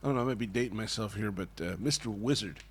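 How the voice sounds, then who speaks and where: A man's voice: lowish voice, fast talker, a crowd in the background. A man in his forties co-hosting a podcast, talking casually and bluntly with offhand swearing. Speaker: podcast co-host. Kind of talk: casual chat.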